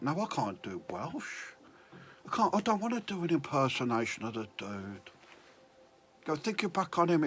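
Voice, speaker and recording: A man's voice: a little high, fairly bright tone, slightly rough. Rambling man telling a story. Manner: rambling, self-mocking. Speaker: comedian. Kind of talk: confessional storytelling.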